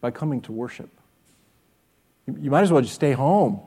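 A man's voice: mid-range voice, lively intonation, normal speed, mellow, breathy edge. A man preaching a sermon as pastor, earnest and direct, often asking his listeners rhetorical questions. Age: adult with children.

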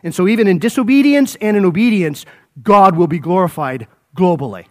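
A man's voice: high voice, expressive, a little fast. A man preaching an expository sermon, repeating phrases, exclaiming and calling his listeners folks.

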